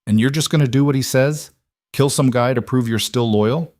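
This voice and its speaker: A man's voice: medium pitch, normal speed, a little mellow, no echo, studio quality, pitched above the performer's own voice, lightly acted. A man reading a pregnant young woman's lines in a raised, pleading voice. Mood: upset. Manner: pleading, rising voice.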